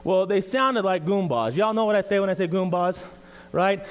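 A man's voice: high-pitched, animated, moderate pace. A man preaching in a church, reading scripture, praying and sharing his story in an earnest, conversational way. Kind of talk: sermon with scripture reading and prayer.

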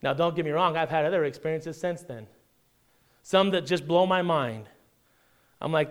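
A man preaching a sermon as pastor, chatty and direct, often checking in with his listeners and swinging from loud emphasis down to a hushed near-whisper. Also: a little high, fairly quick, clean tone. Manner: conversational, asks the congregation "right?".

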